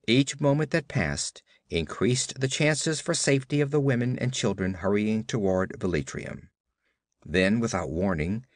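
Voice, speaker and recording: A man narrating an audiobook with dramatic, expressive storytelling. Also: mid-range voice, no echo, clean studio sound.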